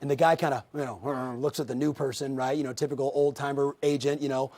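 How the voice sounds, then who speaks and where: A man's voice: mid-range voice, fairly quick, a little mellow. A man coaching real estate agents in a motivational training talk, telling stories and speaking straight to the viewers. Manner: storytelling, addresses viewers directly, acts out quoted voices.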